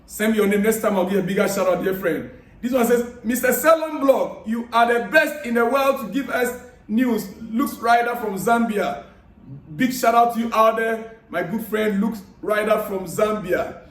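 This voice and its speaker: A man vlogging about football news, chatting casually and giving friendly, repetitive shout-outs while reading viewer comments aloud. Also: high-pitched, normal speed. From Africa. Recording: echoey room, distant mic.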